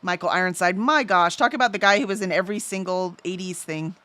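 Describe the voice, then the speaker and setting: A woman's voice: fairly low pitch, quick pace, sharp tone, no room sound. A woman hosting a casual livestream, chatting and reading out viewer messages, easily sidetracked and full of fillers. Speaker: livestream host.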